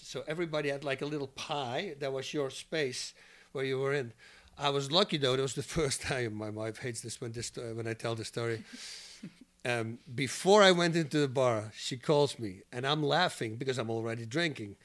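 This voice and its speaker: A man telling animated stories as a podcast guest, breaking into laughter at his own punchlines. His pitch sits at an everyday middle, and his delivery is loose and conversational. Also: normal speed. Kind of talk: animated storytelling.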